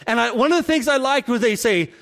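A man's voice: very high voice, gravelly, long reverb tail. A man preaching a sermon, acting out the scenes as he tells them. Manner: animated, acts out scenes with quick voice shifts. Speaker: pastor.

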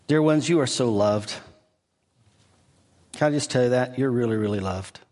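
A man's voice: medium pitch, moderate pace. Fervent male pastor preaching in a reverberant hall. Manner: fervent, rising to near-shouting peaks then dropping to soft, intimate tones. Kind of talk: sermon.

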